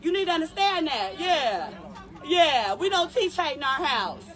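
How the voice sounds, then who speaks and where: A woman from California in a loud, profane, combative rant, recorded on a phone inside an airplane cabin. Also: high-pitched, sing-song, a little slow. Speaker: passenger in a viral clip. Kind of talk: confrontational rant. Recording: crowd noise behind.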